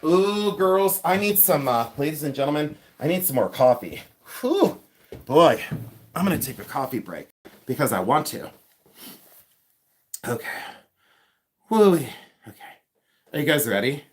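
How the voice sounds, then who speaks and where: A man from Ohio, a reseller and collector, chatting casually and rambling on a live stream, with many fillers and words spelled out slowly. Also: on the high side, lively intonation.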